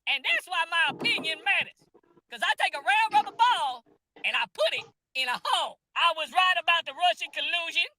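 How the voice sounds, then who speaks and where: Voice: extremely high pitch, animated, brisk, a little hiss or hum, heavily acted. A performer doing a mocking comedy impression of a famous basketball star who fake-sobs, wails and brags. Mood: fake sobbing. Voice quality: fake sobbing, exaggerated wailing. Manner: boastful, repeats itself, shouty. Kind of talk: comedy parody clip.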